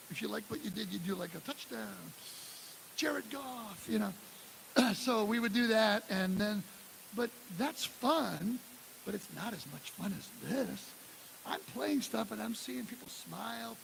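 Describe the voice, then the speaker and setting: A guest drummer in his sixties from the Detroit area gives a live clinic in a music store, telling animated stories, acting out quotes and scatting drum parts. His voice is high-pitched and creaky at a measured pace, recorded in a live room with steady hiss.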